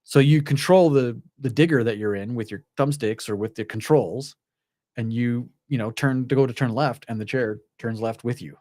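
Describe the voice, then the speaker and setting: A man co-hosting a VR gaming podcast, chatting casually with lots of excitement and some swearing. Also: mid-range voice, moderate pace, no room sound, clean studio sound. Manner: excitable and effusive, swears freely. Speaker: co-host of a VR gaming show.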